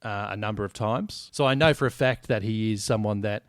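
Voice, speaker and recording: A man's voice: lowish voice, fairly quick, no room sound, studio quality. A man co-hosting a casual sports podcast, blunt and joking, swearing freely. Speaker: podcast co-host.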